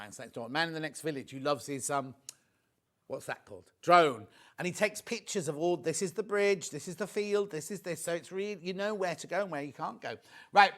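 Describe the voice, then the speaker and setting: A man presenting a live TV shopping demo, chatty and excitable, gushing over the products and chatting with viewers and crew. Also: high voice.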